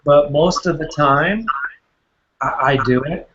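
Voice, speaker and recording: A man with a fairly high voice takes it slowly as he coaches real estate agents in a casual Q&A with a listener, chatting, repeating words, and telling anecdotes. The audio is dull, with background noise.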